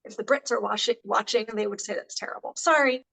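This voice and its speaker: A woman's voice: fairly high pitch, fairly quick, vocal fry, a bit bright, rough recording. A woman hosting a casual movie review channel, chatty and loose, with lots of fillers. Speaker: co-host. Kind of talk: casual film review chat.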